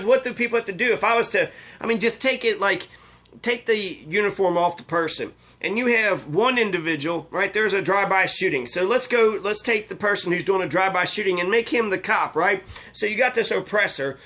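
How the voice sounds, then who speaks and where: Man commentator, bright tense voice, rambling angry rant full of swearing. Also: sits high, brisk. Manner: profane, indignant, rambling. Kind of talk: casual ranting monologue.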